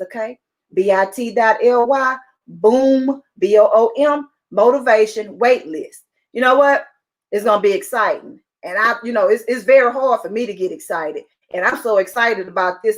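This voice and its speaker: An upbeat woman with a fairly high voice, pitching motivation to listeners on a call. She talks with excitement and keeps pressing the same point. Her voice comes through call audio. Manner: excited, upbeat, repetitive urging. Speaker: motivational speaker.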